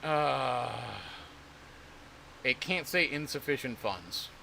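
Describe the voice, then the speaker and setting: A man's voice: mid-range voice, expressive, slow pace, creaky, sharp tone, a little hiss or hum. A man streaming casually about crypto, rambling and swearing in exasperation. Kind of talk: casual livestream talk.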